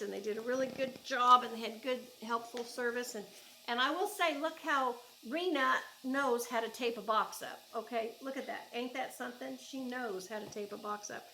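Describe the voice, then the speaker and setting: A crochet vlogger with an Oklahoma accent gushes and thinks aloud while unboxing yarn at home in a casual chat. Her voice is fairly high and sharp, and the poor audio carries a little hiss or hum.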